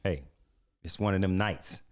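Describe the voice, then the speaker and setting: A man's voice: low-pitched, measured pace. A man co-hosting a sports podcast, telling a story in a laid-back, slangy way. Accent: American. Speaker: podcast co-host.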